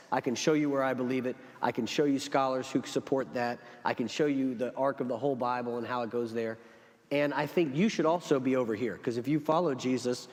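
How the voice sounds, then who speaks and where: Earnest pastor in a reverberant church. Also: male voice, medium pitch. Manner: earnest, reflective, tells jokes with animated voices. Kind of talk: church talk-back discussion. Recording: long hall reverb.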